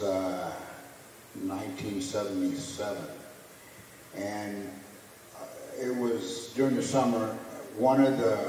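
A man telling a lively story on stage about his racing days, acting out the people in it. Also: on the low side, a little hiss or hum. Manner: animated storyteller, acts out quoted voices. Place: museum hall with audience. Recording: echoey hall, distant mic.

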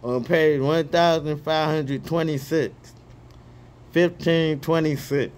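A man praying fervently and reading scripture aloud outdoors, excitable and stumbling over repeated words, speaking each punctuation mark aloud. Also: a little high, takes it slowly. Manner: reads punctuation marks aloud. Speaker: online Bible reader.

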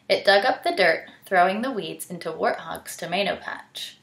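A woman teacher reading a picture book aloud to children, animated and stopping to ask them questions. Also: on the low side, moderate pace, creaky, hardly any pauses. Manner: animated, asks the listener questions. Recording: roomy echo.

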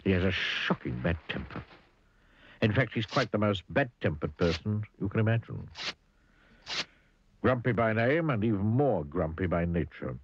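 A man reading a children's storybook aloud in an animated way, asking the listener questions. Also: lowish voice, normal speed, pauses often, muffled recording, background noise. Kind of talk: storybook read-aloud narration.

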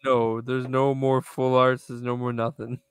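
A man's voice: medium pitch, level tone, measured pace, soft background music. A young man chatting with friends and ribbing one of them in blunt banter. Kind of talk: casual chat.

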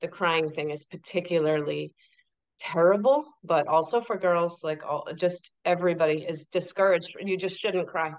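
A woman speaking as a podcast guest and author in casual interview chat, emphatic and animated, often asking rhetorical questions. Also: lowish voice, normal speed.

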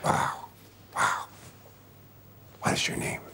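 A man playing a parody of a famous aging film actor, talking in a husky, murmuring, rambling way full of half-whispered asides in a comedy sketch. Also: takes it slowly, sharp tone, a little hiss or hum. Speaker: celebrity acting teacher in a sketch.

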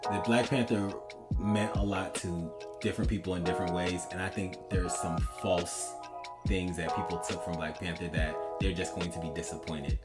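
A man co-hosting a podcast in casual chat, reflective and ready to defend his opinions, getting excited at times. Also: deep voice, normal speed, over loud music. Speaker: podcast co-host.

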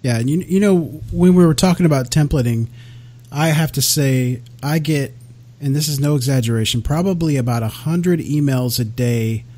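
A man of middle pitch talks casually and with energy. He comes across as amused and laughs easily. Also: normal speed, mellow. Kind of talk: casual interview talk.

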